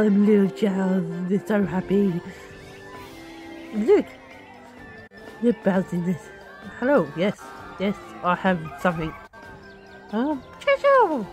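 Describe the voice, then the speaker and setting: A woman streaming a video game, chatting to her viewers in an excitable, playful way. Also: mid-range voice. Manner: excitable, talks to viewers, squeals and laughs. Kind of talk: casual let's-play commentary.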